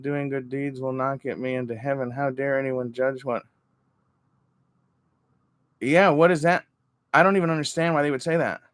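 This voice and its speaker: A man in his forties chatting casually on a livestream while crafting. He rambles, swears often and greets viewers excitably. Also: medium pitch, slight background noise. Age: 40s. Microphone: desk microphone.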